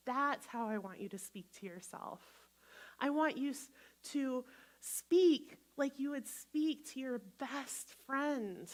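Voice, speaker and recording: Woman minister, high voice, lively sermon, plays out inner voices. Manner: warm, animated, acts out inner voices. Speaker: guest minister. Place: church sanctuary.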